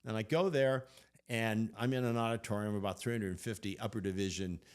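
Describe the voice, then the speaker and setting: A middle-aged man co-hosting a faith podcast, telling stories in an animated, excited way. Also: fairly low pitch, a little fast. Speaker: podcast co-host. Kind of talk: casual storytelling chat.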